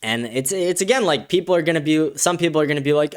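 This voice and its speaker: Male streamer reading chat aloud, blunt and profane, smooth clean voice. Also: a little high, animated, fast. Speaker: show host. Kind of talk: casual livestream commentary reading chat comments.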